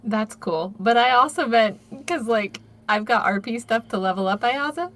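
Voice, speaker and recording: Bright-voiced hesitant woman player. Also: on the high side, lively intonation, moderate pace. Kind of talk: casual tabletop game chat.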